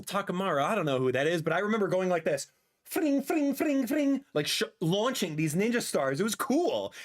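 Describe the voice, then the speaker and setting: A man in his thirties reacting live on a stream, excitable and animated, repeating himself as he talks, sometimes dropping to a soft murmur. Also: high-pitched. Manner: drops to a soft murmur when talking to his cat. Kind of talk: livestream reaction commentary.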